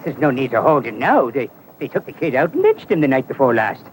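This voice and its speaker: A man's voice: medium pitch, wildly swooping pitch, noisy background. An actor playing a nervous small-town stable man in a 1970 western film, stammering and evasive. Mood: jittery. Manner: stammering, fast-talking, evasive.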